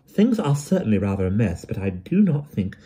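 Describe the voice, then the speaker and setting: A man voicing a brisk, severe young woman who speaks in a crisp, emphatic, commanding way. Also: fairly low pitch, sing-song, dark tone, voice pushed up, full character voice.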